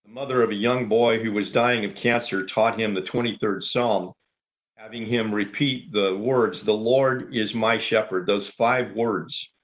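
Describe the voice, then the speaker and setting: A man preaching a sermon as pastor, measured and orderly, laying out numbered points. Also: fairly low pitch, fairly even intonation, lo-fi sound.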